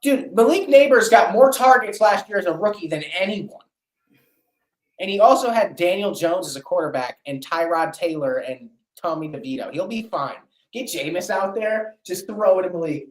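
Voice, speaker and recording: Excitable man talking sports, roomy sound. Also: high-pitched, normal speed. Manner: excitable, swearing, teasing. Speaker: podcast host. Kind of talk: casual sports chat.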